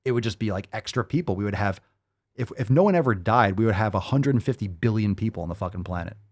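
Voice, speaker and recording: A man's voice: fairly low pitch, expressive, fast talker, a little mellow. Man ranting profanely on a fitness show. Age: adult, 30s or older. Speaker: host. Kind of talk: fitness podcast rant.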